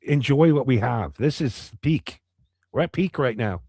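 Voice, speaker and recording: A man's voice: medium pitch, expressive, unhurried, darkish tone, breathy edge, no echo, clean studio sound. A man co-hosting a casual podcast, joking and chuckling in loose fragments. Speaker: podcast co-host. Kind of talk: casual chat.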